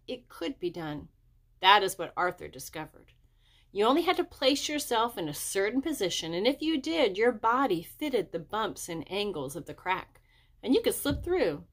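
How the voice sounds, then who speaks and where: Woman reading a children's story aloud. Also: fairly bright tone. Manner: lifts pitch sharply for children's dialogue. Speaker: audiobook reader. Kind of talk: storybook narration.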